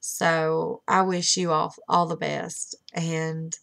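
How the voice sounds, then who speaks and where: Low, gravelly-voiced woman saying emotional goodbyes. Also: flat delivery, a bit bright. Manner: heartfelt, halting, fighting back tears. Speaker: webcam streamer. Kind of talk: emotional farewell message.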